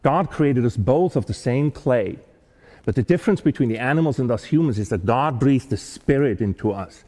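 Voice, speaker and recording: A man giving a talk, telling a personal story in an earnest, animated way with frequent restarts. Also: medium pitch, normal speed, long reverb tail. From not American-born.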